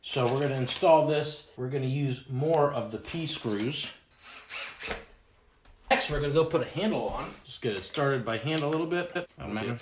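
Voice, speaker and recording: A young man hosts a joking do-it-yourself walkthrough, playing it mock-serious and deadpan. His voice sits in a middle range. The room is echoey, with a faint hiss behind him. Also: medium pitch, moderate pace. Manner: mock-serious, deadpan humor about a toy kitchen. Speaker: realtor hosting a home renovation video.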